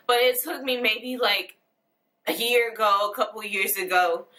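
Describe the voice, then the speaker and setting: A young woman in a personal video monologue, tearful and earnest, pausing and restarting her sentences. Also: fairly high pitch, bright, forceful tone, low-quality recording. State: crying, tearful. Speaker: vlogger.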